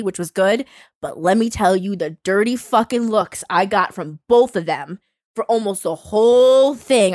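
A woman in her thirties telling a story in casual chat, animated and swearing freely. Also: fairly high pitch, no room sound, studio quality. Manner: animated, swearing, voices others in quotes. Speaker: storyteller on a podcast.

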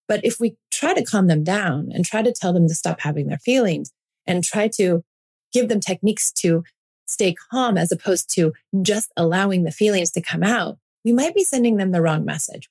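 A woman's voice: mid-range voice, a little mellow, husky. A woman in her forties hosting a parenting podcast, talking listeners through her ideas in an earnest, reassuring monologue.

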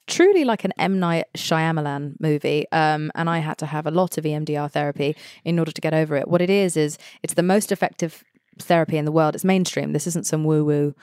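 Woman guest, lowish voice, blunt and chatty, dry close mic. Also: darkish tone, clear, resonant tone, dry recording. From England. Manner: frank, brisk, swears casually. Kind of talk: casual podcast chat.

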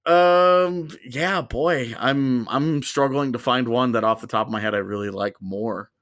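A man co-hosting a hockey podcast in casual chat, rambling and restarting his sentences, with quick laughs. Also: medium pitch, fairly bright tone, dry recording, studio quality. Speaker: podcast co-host, hockey reporter.

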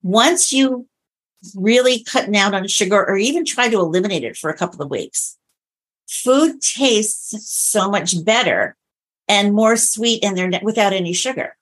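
A middle-aged woman, a nutrition coach, chatting as a guest on a podcast and telling stories with lively quoted dialogue. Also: medium pitch, a little slow. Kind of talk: casual podcast interview.

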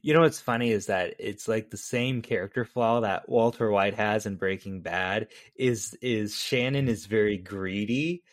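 A man chatting casually about a movie, rambling with many fillers and laughing easily. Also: lowish voice. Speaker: podcast co-host. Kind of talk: casual film discussion.

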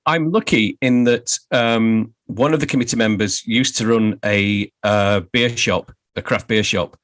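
A man's voice: fairly low pitch, a bit bright. Give me a man as an interview guest, wry, stumbling over restarts. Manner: halting, many restarts, wry with frequent laughs. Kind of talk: casual interview chat.

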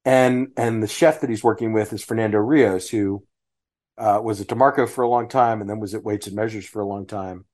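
Hosting a podcast, a man chats in a relaxed way and lists dishes, often restarting his phrases. His voice is fairly low and he talks fairly quickly.

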